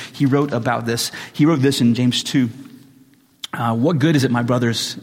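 A man preaching a sermon, earnest, reading scripture with growing intensity. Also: mid-range voice. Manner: earnest, with frequent restarts and rising intensity in readings. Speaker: pastor. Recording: long reverb in a large hall.

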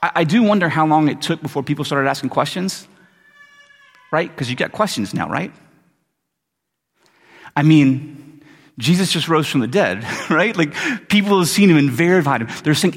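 A man's voice: on the high side, animated, normal speed, pauses often. A man preaching a sermon as a pastor, retelling the story in a loose, joking way with casual asides. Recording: long hall reverb.

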